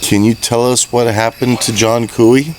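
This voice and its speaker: A man's voice: medium pitch, steady tone, a little slow. A man paranormal investigator earnestly asking a spirit questions at a graveside. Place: outdoors at a cemetery at night. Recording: noisy outdoor recording with crickets.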